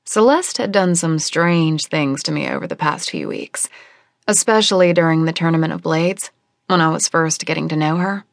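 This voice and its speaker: A woman reading a first-person novel as audiobook narrator, in a measured, steady storytelling manner at a close studio microphone. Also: low voice, creaky, no room sound.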